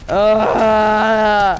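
A young woman commenting on her gameplay, frustrated, ranting and yelling at the game. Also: medium pitch, a little hiss or hum. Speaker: gamer.

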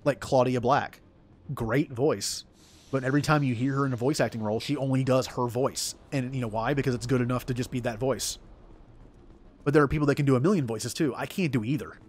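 A man's voice: medium pitch, brisk, pauses often, breathy edge. A man chatting casually over gameplay, rambling and poking fun at himself. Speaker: gaming streamer. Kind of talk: casual let's-play commentary.

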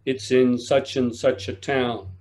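A man's voice: medium pitch, fairly even intonation, slow pace, darkish tone, lightly acted. A man doing a lost, impatient young monk. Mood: pleading. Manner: politely formal, then exasperated.

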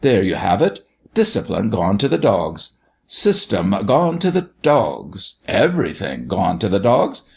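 A man reading a gruff, blustering older country doctor in a storybook, with booming, mock-furious outbursts. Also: huge pitch swings, unhurried, darkish tone, full character voice. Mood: mock fury.

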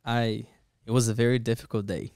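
Man, pastor, podcast guest, earnest storyteller, smooth clear voice, dry close sound. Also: medium pitch, a little fast, dry recording. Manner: earnest, animated storyteller who acts out quotes.

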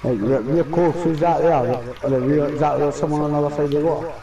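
A man playing an online game with friends, shouting callouts and swearing excitedly over a headset. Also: fairly high pitch, fast, dull audio. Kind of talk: excited gaming chat with teammates.

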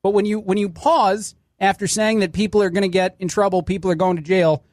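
A man's voice: sits high, flat delivery, a little fast, dry recording, clean studio sound. A man hosting a talk radio show, giving wry, opinionated commentary on the clips he plays. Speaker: fill-in radio host.

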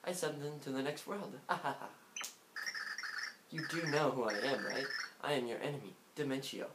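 A man voicing a smug, taunting male jester villain in a soft, hushed theatrical tone, read over game music. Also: mid-range voice, normal speed, very noisy, close to an everyday voice. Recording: echoey room with game music.

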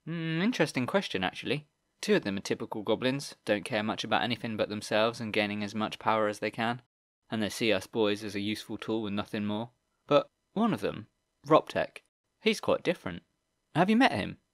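A man's voice: lowish voice, expressive, a little fast, no echo, studio quality. A man voicing a cheerful, easygoing teenage boy soldier in an audiobook reading. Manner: easy, chatty, cheerful.

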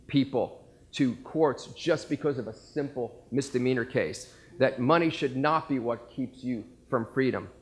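A man's voice: medium pitch, a bit bright. A man presenting an award in an earnest, praising speech, with a few fillers. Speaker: association president presenting an award.

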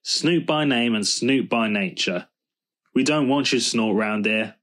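A man's voice: mid-range voice, unhurried, lightly acted. A man voicing a kindly male mechanic in a storybook reading, reassuring in manner and firm when crossed. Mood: stern. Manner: warm and reassuring, stern when angry.

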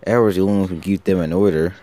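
A man voicing a sensible male diesel engine that talks in a calm, cautioning way. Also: sits low, very fast, close to an everyday voice. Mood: amused.

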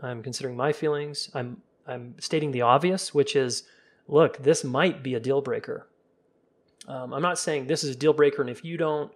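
Fairly quick and mid-range, a man coaches viewers on relationships during a relaxed, casual live-stream chat. He addresses them directly and lowers his voice to a soft tone when acting out calm sample talks.

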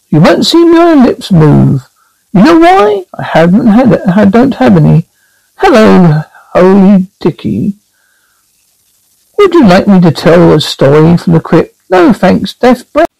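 A man's voice: high voice, creaky, darkish tone, no room sound, exaggerated voice, low-quality recording. A man voicing a gleeful, punning male horror host who greets his listeners with mock menace in a horror radio play.

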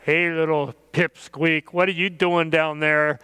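A man's voice: a little high, little pitch movement, unhurried, pushed and bright, clear, resonant tone, dry recording, pitched below the performer's own voice. A man voicing a huge boastful ship in a children's story, mocking and bragging.

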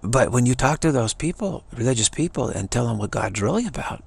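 A man giving a halting, rambling spiritual monologue, with frequent restarts and quick mocking voices for others. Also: mid-range voice, lively intonation, creaky, breathy edge. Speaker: spiritual commentator.

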